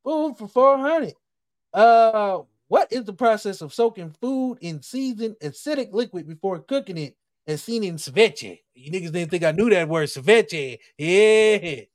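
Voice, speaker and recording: Animated quiz host with a high voice. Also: male voice. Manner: joking, laughs often, reads clues slowly. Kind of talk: casual podcast quiz hosting.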